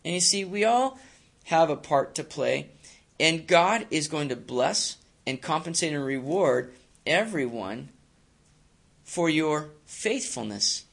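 A man's voice: a little high, sing-song, takes it slowly, gravelly, fairly bright tone. A male pastor preaching a sermon in a conversational way, with frequent fillers and repeated words.

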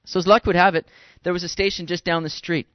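A man, a pastor, giving a conversational sermon, animated and casual with slangy asides. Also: high voice, fast, dry recording, dull audio.

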